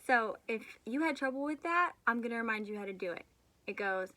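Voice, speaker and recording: A woman's voice: fairly high pitch, lively intonation, a little fast, bright, forceful tone. A young woman teaching young children a remote math lesson, patient and encouraging, leading them through counting and chanted rhymes.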